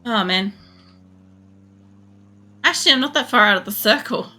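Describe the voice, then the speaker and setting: A woman's voice: fairly high pitch, animated, normal speed, bright, forceful tone. An Australian woman streaming a game, chatting casually in a rambling way, swearing often and filling gaps with fillers. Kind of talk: casual gameplay chat.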